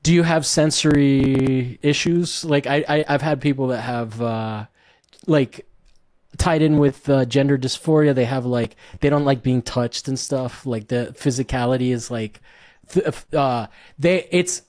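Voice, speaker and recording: A man's voice: medium pitch, measured pace, a little mellow, no echo, clean studio sound. A man of Cuban heritage hosting a podcast, chatting casually in a jokey, rambling way with many restarts. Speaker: podcast host.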